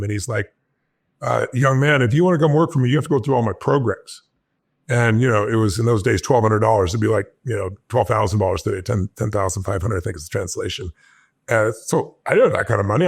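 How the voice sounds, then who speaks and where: A man in his sixties, from the United States, telling a personal story as a podcast guest and acting out the dialogue with jumps in pitch. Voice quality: gravelly, husky voice.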